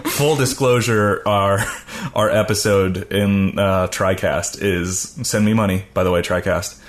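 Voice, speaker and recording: A young man talks in a lowish voice, co-hosting a laid-back podcast. He rambles, jokes and fills gaps with ums and uhs. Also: fairly even intonation, unhurried. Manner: rambling, joking, filler-heavy. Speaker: podcast co-host. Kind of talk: casual podcast chat.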